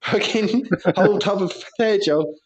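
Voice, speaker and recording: A man with a high-pitched voice and measured pace co-hosts a podcast. In casual banter, he tells crude stories and laughs often.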